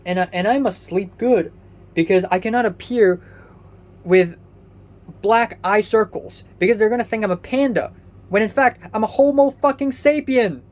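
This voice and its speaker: A man's voice: high voice, moderate pace. Profane, exasperated young man ranting. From Hong Kong. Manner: swears constantly, angry and exasperated, rambling with restarts. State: sleepy. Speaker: vlogger. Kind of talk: profane personal rant.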